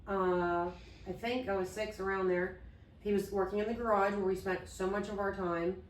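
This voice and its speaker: A woman's voice: mid-range voice, fairly even intonation, normal speed, far from the mic, a little hiss or hum. Earnest woman co-host, roomy and off-mic. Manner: earnest, open, loses her train of thought. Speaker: podcast co-host. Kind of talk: heartfelt conversation about grief.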